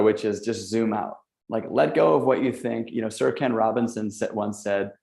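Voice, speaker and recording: Gravelly man in an echoey room. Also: on the low side, normal speed, few pauses, a little mellow. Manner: earnest, urgent advice. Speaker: entrepreneur panelist. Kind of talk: earnest panel talk.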